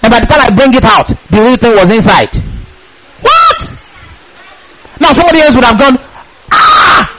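A man preaching a sermon, emphatic and repetitive, bursting into shouts. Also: very high-pitched, lively intonation, racing, hardly any pauses, slight background noise, rough recording.

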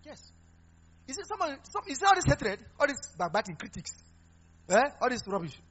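Animated high-voiced preacher, lo-fi. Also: male voice, quick pace, slightly rough. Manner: animated, mixing Pidgin, laughing and exhorting. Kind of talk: sermon. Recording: dull lo-fi recording with faint music.

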